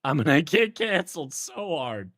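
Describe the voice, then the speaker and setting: A man's voice: fairly high pitch, big pitch swings, normal speed, a bit bright. A playful, goofy young man with a Houston accent, chatting casually with his stream viewers in heavy slang and laughing often.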